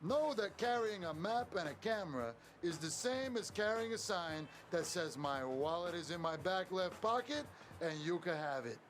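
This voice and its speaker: A man voicing a brash, wisecracking New York puppet character with a gruff New York accent, giving tourists bossy advice. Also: sits high, lively intonation, moderate pace, noisy background. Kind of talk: comic puppet-show monologue.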